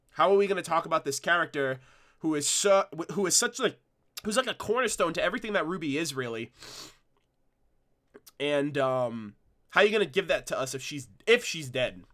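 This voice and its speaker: A man's voice: on the high side, expressive, a little fast, fairly bright tone. A young man hosting a livestream, rambling in casual commentary with lots of restarts and fillers. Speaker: streamer discussing a cartoon episode.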